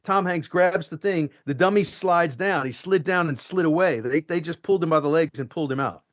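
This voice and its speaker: A man, an actor being interviewed, telling animated stories from film sets and acting out the lines. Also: on the high side, brisk. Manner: animated, acts out quotes and lines. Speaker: actor guest. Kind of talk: anecdotal interview storytelling.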